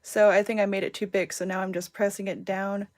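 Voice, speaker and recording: A woman's voice: medium pitch, flat delivery, a little fast. A woman hosting a casual livestream craft tutorial, chatting and giggling with her viewers as she works. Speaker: crafting channel host.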